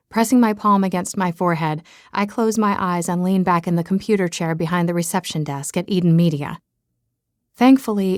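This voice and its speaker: A woman's voice: lowish voice, darkish tone, no room sound, clean studio sound. A woman narrating a romance audiobook in the first person, chatty and self-mocking.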